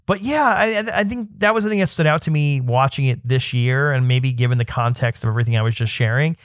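A man's voice: quick pace, dry recording, clean studio sound. A man co-hosting a podcast, talking in a reflective, casual way with lots of "I mean" and "you know". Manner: reflective, many fillers, swooping pitch. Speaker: podcast co-host. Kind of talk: casual chat.

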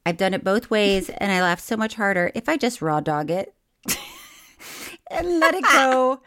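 Her voice is mid-range and smooth, her pace moderate. Co-hosting a chatty podcast, she often breaks into laughter and reads listeners' mail aloud, leaning quirkily on odd words.

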